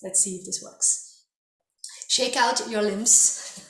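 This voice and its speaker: A woman's voice: fairly high pitch, slow. A woman teaching a dance workshop, encouraging her students and calling out drum sounds along to the music. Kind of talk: online dance workshop instruction. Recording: echoey room with loud music. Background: loud music playing.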